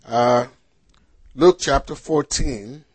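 A man's voice: mid-range voice, a little mellow, husky, no echo. A man preaching as a pastor, reading scripture and quizzing his congregation with questions. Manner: slow, deliberate delivery with rhetorical questions to the congregation.

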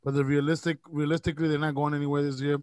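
Man, podcast host, laid-back, easygoing banter, slightly high voice. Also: level tone, rapid-fire, a crowd in the background. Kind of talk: casual podcast chat.

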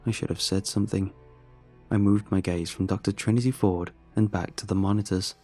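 Husky-voiced man narrating a horror story. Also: deep voice, fairly even intonation, normal speed, darkish tone, faint music behind.

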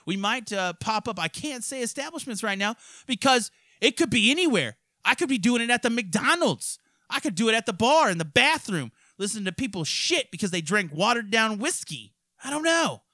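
A male podcast host with a bright, forward voice and a wildly swinging pitch that jumps into shouted bursts. He rants and swears at every turn, his mic close and dry. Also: sing-song, brisk, no echo. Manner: swears constantly, loud ranting outbursts. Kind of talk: profane ranting podcast chat. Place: home podcast studio.

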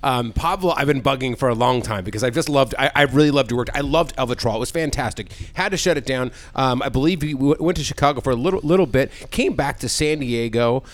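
A man's voice: quick pace, hardly any pauses. A man hosting a podcast in casual chat, telling stories animatedly and acting out quotes in a raised voice. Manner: animated storyteller, acts out quotes in a high voice. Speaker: podcast host.

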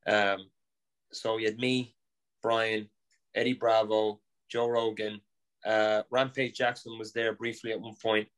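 A young Irish man from Ireland telling animated stories on a podcast, laughing, swearing and restarting his sentences. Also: fairly low pitch, unhurried, smooth. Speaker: podcast guest. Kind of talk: casual storytelling.

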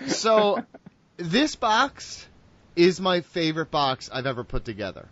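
A man hosting a casual wrestling podcast, loud and excitable, with swearing banter. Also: fairly high pitch, unhurried, no echo. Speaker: podcast host. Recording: dull lo-fi audio.

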